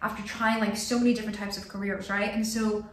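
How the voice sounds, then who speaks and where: A woman's voice: medium pitch, level tone, fast, roomy sound, a little hiss or hum. A woman vlogger giving an earnest motivational talk to camera, repeating phrases for emphasis. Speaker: lifestyle vlogger.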